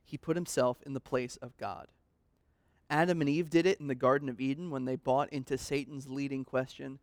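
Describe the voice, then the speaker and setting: A man's voice: medium pitch, fairly even intonation, moderate pace, no room sound. Earnest male preacher, dry close sound. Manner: earnest, emphatic, rhetorical questions. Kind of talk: sermon with scripture reading.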